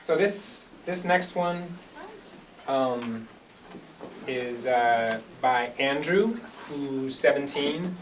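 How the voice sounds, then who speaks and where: A man with a medium-pitched, expressive voice speaks extremely slowly, delivering an earnest first-person dramatic monologue after a hesitant, filler-laden introduction. The microphone is distant, and there's slight background noise.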